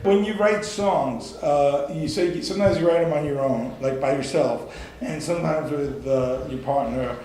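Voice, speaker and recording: Halting Southern US man, echoey room. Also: fairly high pitch, dark tone. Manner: hesitant, halting questions with fillers. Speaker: interviewer. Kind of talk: casual interview.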